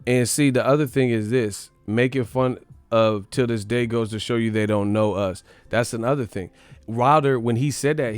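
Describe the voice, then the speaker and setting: A man's voice: mid-range voice, dry recording, studio quality. A man hosting a boxing show, ranting in casual live commentary, blunt and profane, rambling with laughs.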